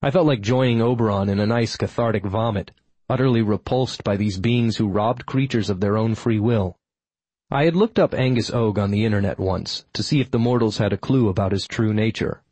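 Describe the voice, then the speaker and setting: Man, audiobook narrator, husky, low voice, dry wry delivery. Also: brisk, a little mellow, dry recording. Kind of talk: scripted first-person narration.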